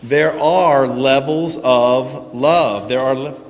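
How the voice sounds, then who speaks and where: Male preacher, mid-pitched, folksy and joking, storytelling from a reverberant church sanctuary. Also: takes it slowly, slight background noise. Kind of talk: conversational sermon.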